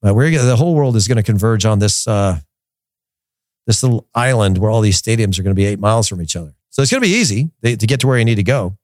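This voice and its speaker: Casting: man, lower voice, opinionated soccer podcast host, rambling delivery, dry close mic. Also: expressive, fast, a little mellow, no room sound. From United States. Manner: rambling, opinionated, repeats words while thinking. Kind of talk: casual podcast commentary.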